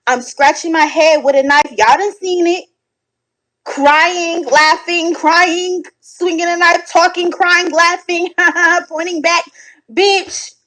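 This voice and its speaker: A woman giving casual reaction commentary from home at night, animated, sassy and blunt, swearing freely. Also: extremely high pitch, slow, low-quality recording. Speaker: online commentator reacting to videos.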